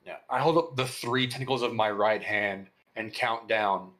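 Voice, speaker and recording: A man playing a tabletop role-playing game, speaking in a measured, curt way. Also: on the low side, a bit bright, low-quality recording. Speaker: player.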